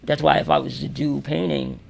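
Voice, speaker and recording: Fairly quick and a little high, with vocal fry, this New Yorker speaks over slight background noise as an interview guest in a radio or podcast studio. He relays prison stories casually and animatedly, swearing freely and loudly acting out people's lines.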